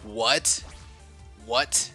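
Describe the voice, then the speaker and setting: A man giving casual commentary over a game he recorded, muttering at times and then bursting out loud, and a little short of breath. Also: medium pitch, drawn-out words, faint music behind. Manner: excitable, swings from mumbling to outbursts. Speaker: gaming YouTuber.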